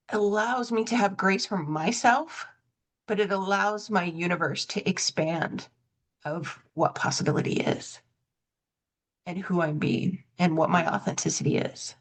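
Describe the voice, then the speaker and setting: A woman hosting a coaching podcast, reflective and self-correcting, telling stories and acting out both sides of the dialogue. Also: medium pitch. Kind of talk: conversational interview.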